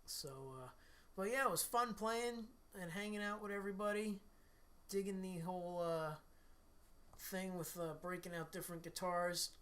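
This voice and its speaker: A middle-aged man, slightly hoarse from losing his voice, hosts a livestream and chats in a relaxed, rambling way with viewers between guitar playing. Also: sits high, normal speed. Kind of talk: casual chat with live viewers.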